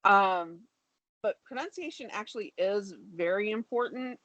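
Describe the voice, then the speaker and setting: An American woman in her fifties talks easily over a video call, explaining things plainly and patiently. Her voice is dry and close, with no room sound around it, and her pitch sits in a middling range. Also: expressive, measured pace, a bit bright, no room sound, muffled recording. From United States. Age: 50s. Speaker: guest. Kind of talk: casual conversation on a video call.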